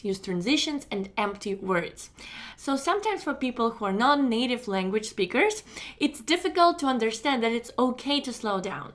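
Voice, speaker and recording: A woman's voice: on the high side, lively intonation, a bit bright. Woman teaching English speaking. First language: Russian. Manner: encouraging, repetitive, measured with pauses. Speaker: English test-prep teacher. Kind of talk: recorded online lecture.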